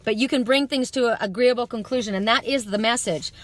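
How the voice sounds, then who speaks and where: A woman's voice: fairly high pitch, fast talker, no echo. A woman giving a live psychic card reading to her viewers outdoors at dusk, talking in an earnest, rambling, spiritual way.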